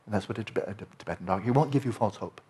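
A man with a fairly low voice gives a discursive Buddhist lecture. He talks earnestly and rambles, often restarting his sentences mid-thought. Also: racing, mellow. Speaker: Buddhist teacher and interpreter.

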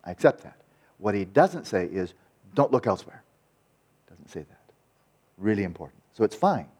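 A man teaching Buddhist meditation in a dharma talk, lively and wry, with a sarcastic edge and frequent restarts. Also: fairly low pitch, moderate pace, husky.

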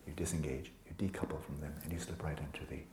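A man teaching meditation to a retreat group, relaxed and playful, often sinking into a soft whisper and teasing students by name. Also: extremely low pitch, fast, slight background noise. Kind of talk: dharma talk to a retreat group. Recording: echoey room with faint ambience.

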